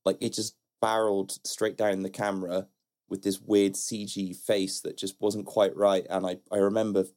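A man co-hosting a podcast, telling stories in a relaxed, conversational way. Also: fairly low pitch, moderate pace. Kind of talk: casual chat.

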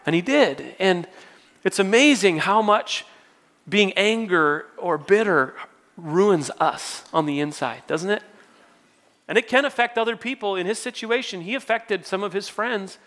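A man's voice: sits high, measured pace, a bit bright. A male worship pastor preaching to a church congregation in a conversational, storytelling way with self-deprecating humor. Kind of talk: sermon.

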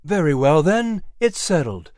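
A narrator playing a genial colonial courier in a storybook, slow and sly, with a gentlemanly lilt. His voice moves lively from phrase to phrase. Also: mid-range voice, no echo, studio quality, pitched above the performer's own voice. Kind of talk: audiobook character voice.

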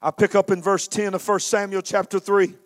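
A man's voice: sits high, level tone, brisk. A man preaching a storytelling sermon with a dramatic, emphatic delivery.

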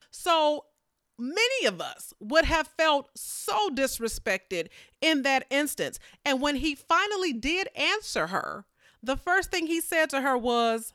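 A woman preaching a sermon in a conversational, animated way, acting out the people in the story with playful voices. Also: on the high side, unhurried, no room sound, clean studio sound.

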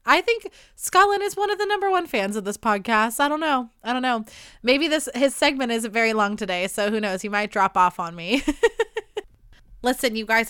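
Late-twenties woman hosting her own podcast: sharp, smooth voice, loose and profane, throat worn by allergies. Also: a little high, dry recording, studio quality. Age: late 20s. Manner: candid, rambling, swears freely. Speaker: podcast host. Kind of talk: casual solo podcast chat.

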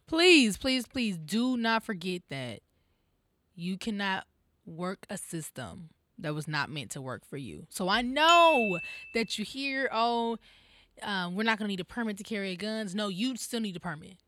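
A young woman co-hosting a casual podcast, her voice rising and falling a lot as she talks. She laughs often and slips into quick impressions of others. The sound is close and dry. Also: mid-range voice, dry recording. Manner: animated, laughs often, mimics people in quotes. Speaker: podcast co-host. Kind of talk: casual chat.

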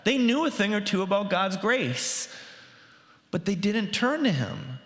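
A man's voice: sits high, sing-song, measured pace, fairly bright tone, long reverb tail. A man preaching a sermon in a conversational way, with fillers and restarts, his voice rising sharply when he quotes others.

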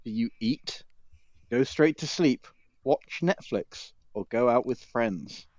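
A man's voice: medium pitch, lively intonation, slow pace, darkish tone, no room sound, muffled recording. A man, a podcast guest, teasing and asking questions in casual chat.

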